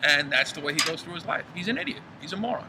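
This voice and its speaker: A middle-aged podcast co-host talks fast in a slightly high, animated voice, ranting profanely in a heated casual chat. He's recorded outdoors in a backyard, with outdoor background noise clearly audible.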